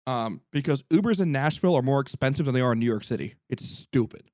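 A man telling a story in casual podcast chat, animated and profane, acting out what people said. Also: mid-range voice, fast talker, no echo, studio quality. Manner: animated, profane, acts out quotes.

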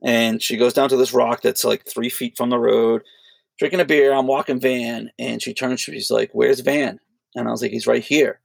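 A man spins a loose, rambling story in a casual podcast chat, swearing freely and getting animated. His voice is heavily gravelly and husky. The sound is dry and close. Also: mid-range voice, moderate pace, dry recording. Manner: rambling, profane, animated retelling. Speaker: podcast co-host.

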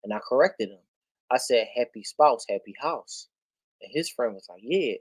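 A man chatting as a guest on a video-call livestream, talking with many fillers and getting animated in quick bursts. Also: medium pitch, no room sound. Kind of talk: casual chat.

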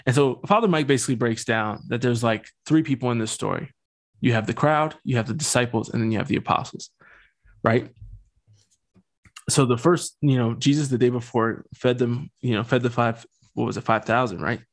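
A young man with a medium-pitched voice, talking a little fast, hosts a podcast. He walks through a Bible passage in a casual, joking scripture talk, heavy on slang and fillers.

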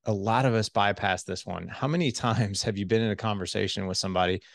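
A man's voice: fairly low pitch, fast talker, vocal fry, no echo, clean studio sound. A middle-aged man, a relationship coach on a podcast, animatedly explaining communication skills and acting out voices. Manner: animated, acts out voices of his wife and himself. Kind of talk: podcast interview, advice.

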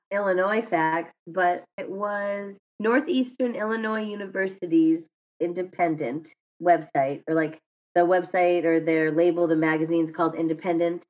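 A woman co-hosting a podcast in casual chat, rambling and correcting herself as she goes. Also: on the low side. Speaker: podcast co-host. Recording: slightly dull lo-fi sound.

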